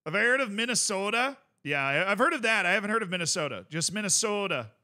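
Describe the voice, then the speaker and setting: A man's voice: high-pitched, big pitch swings, quick pace, sharp tone. A male streamer chatting casually while reacting to clips, enthusiastic and rambling, full of fillers.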